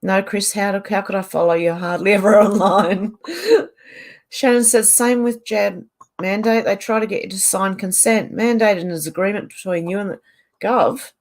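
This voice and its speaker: A woman's voice: medium pitch, steady tone, normal speed. A woman hosting a casual livestream, reading viewers' comments aloud and answering them in a chatty way. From Australia.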